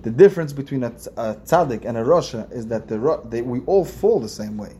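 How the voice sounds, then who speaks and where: A man's voice: mid-range voice, animated, a little fast, dark tone, a little hiss or hum. A man, a rabbi, giving an informal religious lesson in a conversational way, repeating phrases and asking his listeners questions. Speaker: rabbi teaching a class.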